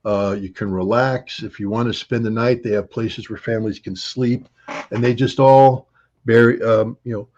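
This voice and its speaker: Husky man telling rambling stories. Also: fairly low pitch, steady tone, moderate pace, a little mellow. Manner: rambling anecdotes with many fillers and restarts. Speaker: interview guest. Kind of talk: conversational storytelling. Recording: dull lo-fi audio.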